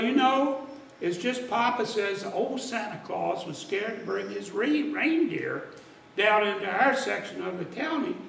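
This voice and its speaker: A man telling a folksy story in dialect at a church service, animated and lively. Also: sits high, creaky, reverberant, far from the mic, slight background noise, poor audio. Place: church sanctuary.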